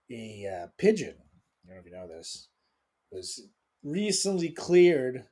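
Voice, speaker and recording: A man's voice: mid-range voice, darkish tone, breathy edge. A young man hosting a casual podcast with a jokey, rambling delivery and lots of fillers. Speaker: podcast host.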